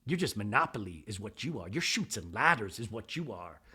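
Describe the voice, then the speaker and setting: A man doing an impression of a sharp-tongued reality-star woman, who delivers taunting, slow put-downs. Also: lowish voice, big pitch swings, slightly rough, voice pushed down, exaggerated voice. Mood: scornful.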